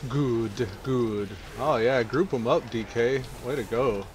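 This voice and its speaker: Speaking slowly at medium pitch, a man talks his way through an online game session, chatting and musing aloud in casual commentary. He's a streamer, and a little hiss or hum is audible.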